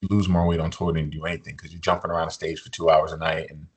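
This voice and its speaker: Deep husky dude in his 40s on a podcast, laid back, joking around, lots of "you know". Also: very fast. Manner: relaxed, joking, loose with fillers like "you know". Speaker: podcast guest, musician and motivational speaker. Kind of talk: casual storytelling interview.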